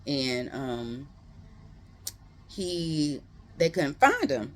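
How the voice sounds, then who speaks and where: A book reviewer giving a casual, animated retelling of a novel's plot, full of slangy asides to viewers. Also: medium pitch, drawn-out words. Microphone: close.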